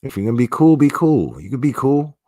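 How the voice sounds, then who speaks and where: A man's voice: medium pitch, big pitch swings, a little fast, warm tone, no room sound, clean studio sound. A man hosting a livestream, chatting casually with viewers in a profane, slangy, laid-back way. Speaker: livestream host.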